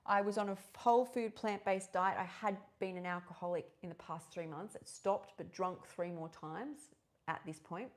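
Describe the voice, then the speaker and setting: Chatty Australian woman, lowish voice. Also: moderate pace. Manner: rambling, chatty, many fillers and restarts. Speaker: host of a live wellness session. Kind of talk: casual live-stream chat.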